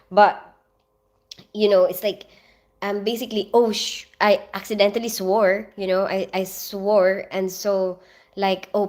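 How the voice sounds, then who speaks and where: A chatty woman in her thirties hosts a casual livestream. She rambles through stories and asides and laughs often. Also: mid-range voice. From Philippines. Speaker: nurse and livestream host. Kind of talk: casual livestream chat reading viewer comments.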